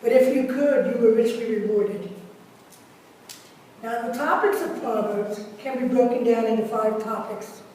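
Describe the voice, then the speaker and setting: Slow-speaking woman preaching in an echoey church. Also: a little high, dark tone. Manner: slow, deliberate delivery with measured pauses. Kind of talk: sermon. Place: church sanctuary. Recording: echoey church hall from far off, faint hiss.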